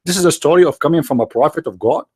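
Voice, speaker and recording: Sarcastic man with a high voice. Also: lively intonation, very fast, soft background music. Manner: sarcastic, mocking, jeering. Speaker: online commentator. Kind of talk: mocking rant.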